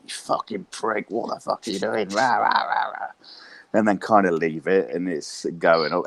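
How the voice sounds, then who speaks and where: Deep-voiced profane Englishman. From England. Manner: profane, animated, laughs through stories. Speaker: guest. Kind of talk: casual storytelling chat.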